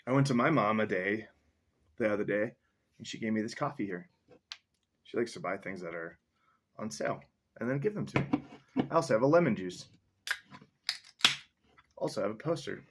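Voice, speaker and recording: A man's voice: fairly low pitch, expressive, normal speed, long pauses, noisy background. A man chatting casually on camera, joking around between reading poems aloud. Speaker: vlogger reading poetry aloud. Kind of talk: casual chat and poetry reading.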